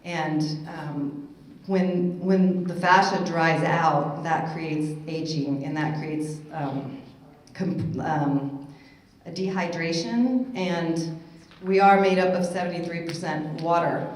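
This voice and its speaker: A woman's voice: lowish voice, takes it slowly. A woman personal trainer speaking on a panel, chatty and upbeat and laughing at her own jokes. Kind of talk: casual panel talk. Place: conference hall at a summit. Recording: roomy hall echo.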